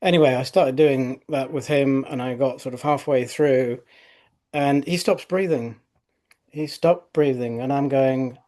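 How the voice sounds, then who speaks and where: A man's voice: medium pitch, fairly even intonation, measured pace, warm tone. A man in his fifties, an osteopath, telling a case story in an interview, rambling with many fillers and restarts. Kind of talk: interview anecdote.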